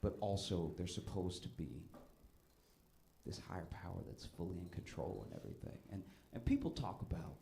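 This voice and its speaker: A man doing a stand-up comedy set, telling stories with a laugh in his voice and breaking into loud, high punchlines. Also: normal speed, gravelly, a little hiss or hum. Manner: animated storytelling, often laughing, jumps to loud high punchlines.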